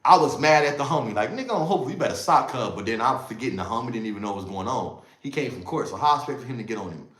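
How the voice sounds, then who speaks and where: A man telling a story on a livestream in animated street slang, swinging between loud and quiet with emphatic oaths. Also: lowish voice, racing, hardly any pauses, roomy sound, rough recording.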